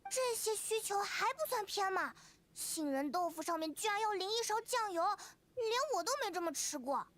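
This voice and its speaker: A tiny floating fairy companion from a video game, her voice squeaky and very high. She chatters excitably and can't stop talking. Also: moderate pace, no room sound. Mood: indignant. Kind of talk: game dialogue.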